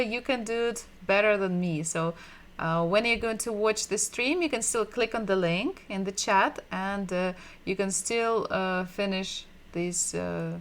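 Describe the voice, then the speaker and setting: Woman teacher, bright tone, unhurried delivery, patient and repetitive. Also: on the high side. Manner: patient, repeats sounds slowly for learners; asks the audience questions. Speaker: Russian language teacher. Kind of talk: online language lesson.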